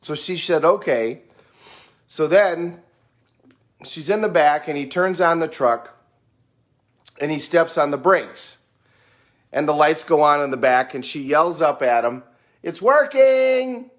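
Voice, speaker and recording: Man telling a folksy reflective story. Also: a little high. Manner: unhurried, folksy storytelling with fillers. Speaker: speaker sharing reflections. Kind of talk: casual reflective monologue.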